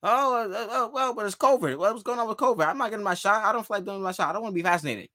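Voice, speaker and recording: A podcast host putting on a whiny, self-centered star athlete, talking in a pleading, singsong way and pitched up high. His voice is bright and tense, and the room is dry. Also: very fast, no echo. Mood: mocking. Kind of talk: podcast impression.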